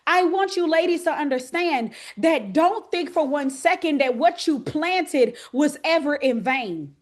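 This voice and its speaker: A woman's voice: high-pitched, normal speed. A woman from Texas with a Texas accent preaching to women, folksy and country, calling on listeners by name. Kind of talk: lively sermon to women's group.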